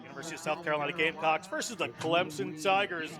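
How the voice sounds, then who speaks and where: High-voiced upbeat male rugby commentator. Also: quick pace, a crowd in the background. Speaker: play-by-play commentator.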